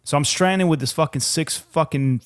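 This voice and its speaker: A man's voice: on the high side, moderate pace. Profane, rambling young man telling stories. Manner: profane, rambling storyteller saying "dude" a lot. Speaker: podcast co-host. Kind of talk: casual chat.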